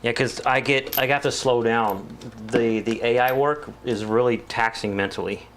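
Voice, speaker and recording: A man's voice: mid-range voice, fairly even intonation, moderate pace, background noise. A man chatting casually and rambling with jokes while working on a computer build. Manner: rambling, joking, mimics voices. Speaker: PC building vlogger.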